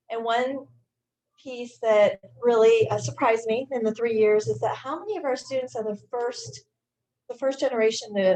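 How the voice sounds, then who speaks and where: A middle-aged woman with a slightly high voice gives an informal talk at a club meeting. She speaks in a halting way, with frequent fillers and restarts. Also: darkish tone, low-quality recording. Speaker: high school teacher and staff speaker.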